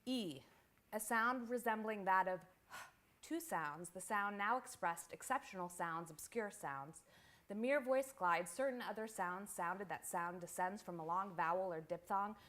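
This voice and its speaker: A woman poet reads her work aloud at a small live venue. Her delivery is measured and incantatory, setting out phrase after phrase like a chanted list, in a voice of middling pitch. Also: a bit bright. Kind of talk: poetry reading.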